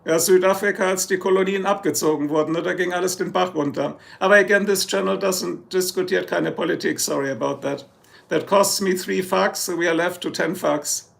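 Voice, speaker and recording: A man's voice: sits high, steady tone, fairly quick, creaky. A German man with a German accent, hosting a casual live stream, joking and rambling as he answers chat. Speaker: livestream host.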